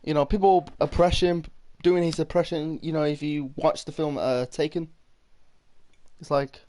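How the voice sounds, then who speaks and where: A man's voice: a little high, fairly even intonation, normal speed, dark tone, no echo. A man doing casual gaming commentary, rambling and swearing while he reads his chat. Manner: rambling, swearing, many restarts. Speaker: gaming streamer.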